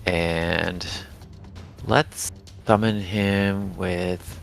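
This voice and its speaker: A man's voice: deep voice, steady tone, extremely slow, gravelly, faint music behind. A man playing in a tabletop role-playing game, talking in a laid-back, joking way.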